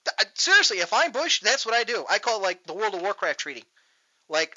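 Brash bright-voiced man ranting. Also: sits high, animated, fast talker, no room sound. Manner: loud, profane, mocking rant. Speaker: podcast host. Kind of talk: ranting comedic talk show. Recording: dull lo-fi recording.

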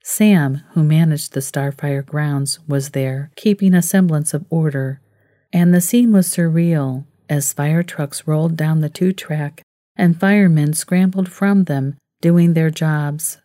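A woman narrating a novel in a low, mellow voice. Her calm, measured delivery sits in a close, dry recording. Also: dry recording. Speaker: audiobook narrator. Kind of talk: scripted narration.

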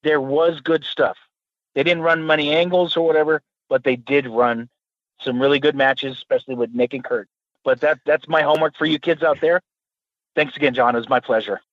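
A man speaking as a guest on a podcast, enthusiastic and a bit halting. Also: on the high side, steady tone, dry recording, highs cut off. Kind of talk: casual podcast chat.

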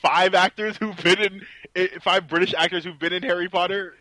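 Man, casual film chat, laid-back, bright tone, dry close sound. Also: high voice, fairly even intonation, brisk, no echo, poor audio. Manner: laid-back, laughs easily. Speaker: podcast co-host reviewing films.

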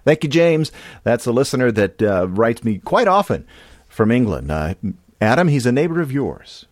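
A man's voice: medium pitch, sing-song, moderate pace, pauses often, a little mellow, dry recording, studio quality. A man from California hosting a podcast in a casual, rambling monologue with many restarts. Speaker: podcast host.

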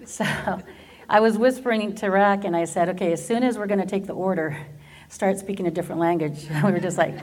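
A woman's voice: mid-range voice, fairly quick, darkish tone. Laughing, storytelling American woman in her fifties. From Southern California, USA. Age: 50s. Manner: humorous storyteller who laughs often through her stories. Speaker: speaker giving her testimony. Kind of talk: personal faith testimony.

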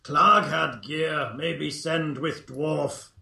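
Guy doing a goblin, talks in choppy broken words, rough and slow. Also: fairly high pitch, fairly even intonation, bright, forceful tone, roomy sound, full character voice. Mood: informing. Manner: broken clipped grammar. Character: male goblin captive, broken speech, eager informant.

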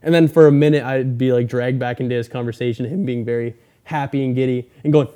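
A man's voice: medium pitch, fairly even intonation, fast talker, warm tone. A young man hosting a podcast, telling a rambling story in casual chat and acting out the quotes. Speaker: podcast host.

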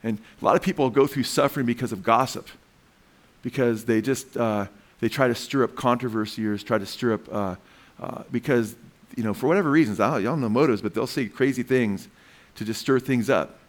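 A man's voice: medium pitch, a little fast. Conversational man preaching a sermon. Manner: conversational preaching, calls out "amen?" to the congregation; acts out quoted voices of tempted people. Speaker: pastor.

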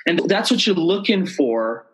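A man's voice: sits high, sing-song, unhurried, husky, rough recording. A man speaking as an expert guest in an interview, explaining in an earnest way and acting out what people say to each other. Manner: earnest, explanatory, acts out quoted speech. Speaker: betrayal trauma expert guest. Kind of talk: conversational interview.

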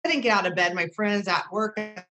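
A woman in her thirties talks as a podcast guest, sharing heartfelt memories in a loose, rambling way. Her voice has a clear, bright edge. She restarts sentences often and leans on fillers as she goes. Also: mid-range voice, fairly quick, faint music behind, low-quality recording. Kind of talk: heartfelt casual storytelling.

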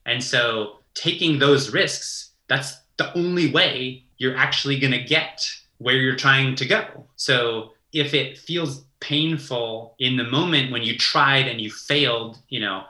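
A man in his thirties talks in a bright, forceful voice, animated as he tells stories and slips into the voices of people he quotes. The room around him has a roomy echo. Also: mid-range voice, a little slow, hardly any pauses. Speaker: guest. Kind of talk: casual conversation, storytelling.

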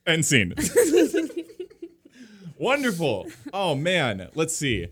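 A man hosting and directing improv comedy scenes, upbeat and quick to laugh. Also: fairly high pitch, wildly swooping pitch, a bit bright. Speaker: improv coach and host.

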